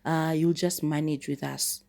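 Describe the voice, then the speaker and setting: A woman voicing an offhand, friendly adult man in her own low voice. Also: steady tone, unhurried, creaky, a little mellow, no room sound. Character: adult male stranger, friendly, matter-of-fact.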